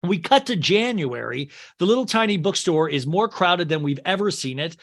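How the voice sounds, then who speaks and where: A man hosting a podcast, recapping a movie in a casual, animated way with lots of fillers. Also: high-pitched, moderate pace. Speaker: podcast host.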